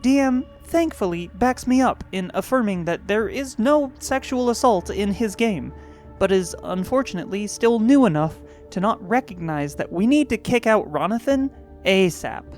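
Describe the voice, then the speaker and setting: A woman's voice: mid-range voice, expressive, normal speed, a little mellow, soft background music. A woman narrating a tabletop gaming story with wry, sarcastic asides.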